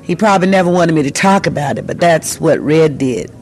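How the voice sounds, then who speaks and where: A woman's voice: low voice, a little fast. An older woman, a singer, telling her story in a casual interview and acting out the voices of the people she quotes. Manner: animated storyteller who acts out quoted voices.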